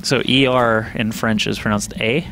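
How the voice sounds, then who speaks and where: A man's voice: fairly low pitch, steady tone, normal speed. A young man casually commentating an esports match, chatty and joking, laughing often. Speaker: esports caster. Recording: noisy background.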